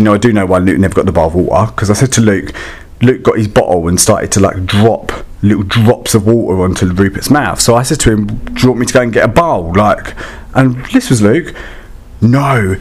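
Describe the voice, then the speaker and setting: A man telling a story in a casual, chatty and dramatic way, with many fillers. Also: on the low side. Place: static caravan.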